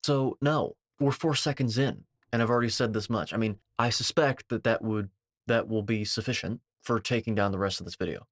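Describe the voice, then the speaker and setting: A man's voice: fairly low pitch, brisk, no echo, studio quality. A man giving a dismissive, combative reaction commentary, packed with technical jargon and occasional swearing.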